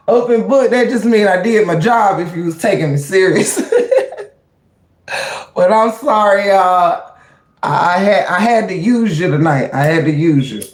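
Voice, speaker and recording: This livestream host speaks in an unhurried, medium-pitched voice, the sound reverberating around the room. Recorded on a webcam or phone mic, they chat loosely with viewers, laugh a lot, call out chat members by name, and slip into preachy, motivational territory.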